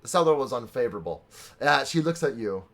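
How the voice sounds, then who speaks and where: With big pitch swings and a fairly quick delivery, a young man's mid-range, fairly bright voice guides a live-streamed tabletop game. As dungeon master, he trades casual banter for dramatic narration, recorded on a streaming mic.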